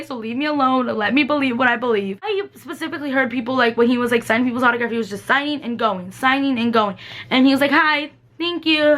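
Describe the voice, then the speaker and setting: A woman's voice: high voice, fairly bright tone. A woman in her twenties telling a rambling story for her vlog. She mocks herself, giggles, and acts out the people she quotes with shifts in voice. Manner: giggly, self-mocking. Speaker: vlogger.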